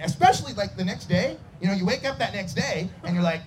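A man's voice: high voice, lively intonation, a little fast, darkish tone, slight background noise. A man in his forties telling a rambling personal story in a casual way, acting out voices and sound effects as he goes. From Idaho.

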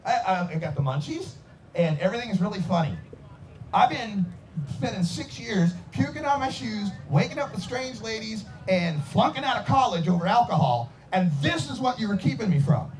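Man, 40s, from Idaho, high-pitched, very animated, casual storytelling, acts out sounds. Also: normal speed, a little hiss or hum.

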